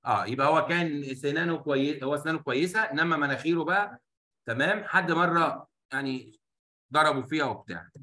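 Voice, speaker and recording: A man's voice: a little high, rapid-fire, bright, forceful tone. A man with an Egyptian Arabic accent teaching an English lesson, explaining a story in Arabic and mixing in English words. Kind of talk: classroom lesson explaining a reader.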